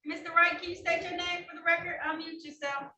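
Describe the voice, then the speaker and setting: High, bright-voiced woman judge. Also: fairly even intonation, fairly quick. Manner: patient, reassuring, businesslike. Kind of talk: courtroom proceedings over video call. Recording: echoey room, picked up from a distance, faint noise.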